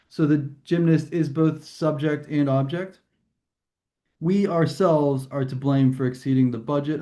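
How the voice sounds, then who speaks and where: A man's voice: a little high, warm tone. A man tutoring grammar in a recorded lesson, explaining casually with fillers and restarts. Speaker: test prep tutor.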